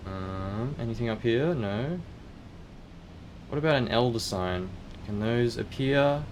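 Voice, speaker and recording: A man chats casually while he plays a game, thinking aloud and restarting his sentences. His voice sits at an ordinary middle pitch, and a faint hiss runs behind it. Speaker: gaming video host.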